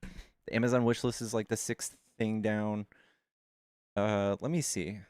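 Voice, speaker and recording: A man hosting a livestream, chatting casually with his viewers in quick asides and calling them "dude" and "guys". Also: lowish voice, little pitch movement, darkish tone, clear, resonant tone, dry recording, clean studio sound. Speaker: livestream host. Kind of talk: casual chat with callers and chat.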